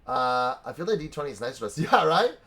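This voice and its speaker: A man's voice: mid-range voice, sing-song, fast talker, fairly bright tone. A young man running a live-streamed tabletop game as dungeon master, mixing casual banter with dramatic narration. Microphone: streaming microphone.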